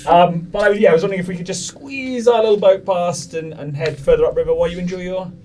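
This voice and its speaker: A man playing a tabletop game in a relaxed, chatty way. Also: high-pitched, fast talker, far from the mic, a little hiss or hum. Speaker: player. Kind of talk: casual play in a tabletop game.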